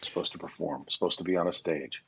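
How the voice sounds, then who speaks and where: Talking very fast in a low, creaky, slightly bright voice with a steady tone, the same Canadian voice actor in his sixties rambles through self-deprecating tales of his past as a podcast guest. Slight background noise sits under the dull lo-fi recording.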